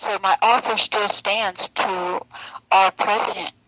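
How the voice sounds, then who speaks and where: A woman speaking slowly and wearily, close to tears, her mouth sore from missing teeth, talking in a live video from prison. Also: medium pitch, steady tone, no echo. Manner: slow, weary, close to tears. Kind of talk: emotional live video testimony. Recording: dull lo-fi phone video with faint noise.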